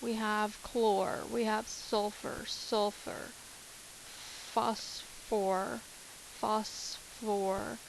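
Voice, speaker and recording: Speaking very slowly with a level tone and vocal fry, a medium-pitched female teacher goes over her chemistry notes in a recorded lecture. She's casual, repeats key terms, and fills gaps with lots of fillers; the rough recording has slight background noise.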